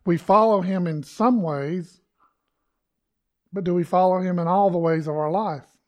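A man's voice: sits high, measured pace, darkish tone. A man preaching a conversational sermon to his congregation, acting out quoted lines with emphasis. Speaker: pastor.

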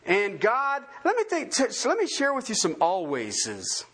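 A male pastor delivers a sermon and keeps turning to his listeners with questions. His voice sits high and bright, with a wide, swooping pitch. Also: normal speed, few pauses, slightly rough. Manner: animated, asks the congregation many questions.

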